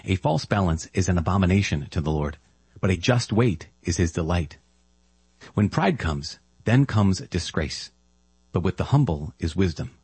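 A man reading scripture aloud in a measured, solemn way, then praying. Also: low voice, darkish tone, breathy edge, no echo. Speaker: Bible reader.

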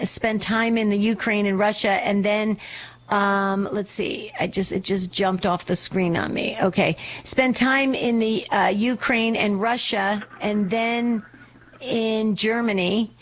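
Gently reassuring woman radio host. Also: mid-range voice. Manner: gentle and reassuring, restarts her phrases. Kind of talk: call-in radio show chat.

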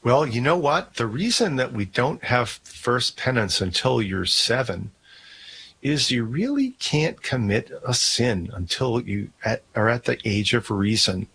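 A man's voice: mid-range voice, lively intonation, a little slow, creaky, fairly bright tone, a little hiss or hum. A man co-hosting a radio call-in show who explains things to a caller in a reassuring way. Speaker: radio co-host.

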